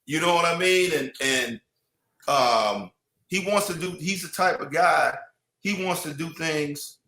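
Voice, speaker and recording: A man's voice: fairly high pitch, a little slow, pushed and bright, echoey room, rough recording. A man in casual podcast chat, rambling with many restarts and "you know what I mean".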